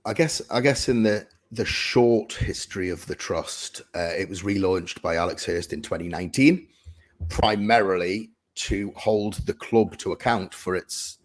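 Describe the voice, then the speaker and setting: Man, deep voice, trust representative, earnest, explanatory. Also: measured pace. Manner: earnest, explanatory, frequent fillers. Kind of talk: podcast guest Q&A.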